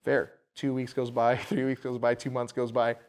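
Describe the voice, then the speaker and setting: A man's voice: mid-range voice, flat delivery, normal speed, clean tone. A man, a bar owner, telling the story of buying his building in a casual podcast interview, acting out the voices of the people in it.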